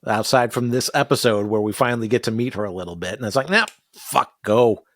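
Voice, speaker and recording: A man's voice: on the low side, quick pace, no room sound. A man co-hosting a TV recap podcast, casually walking through the plot with wry asides and frequent laughs. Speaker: podcast co-host.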